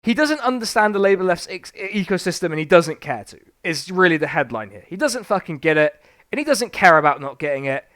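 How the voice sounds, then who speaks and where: A man's voice: sits high, very animated, brisk, a bit bright. A man reviewing a book live on stream, reading passages aloud and answering them with sweary, sarcastic rants.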